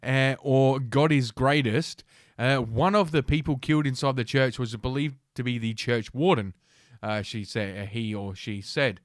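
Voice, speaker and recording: Podcast host, male, mid pitch, sardonic, hesitant delivery full of "uh"s, close dead mic. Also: no room sound. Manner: sarcastic, halting, many filler sounds. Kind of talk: reading news aloud with mocking commentary.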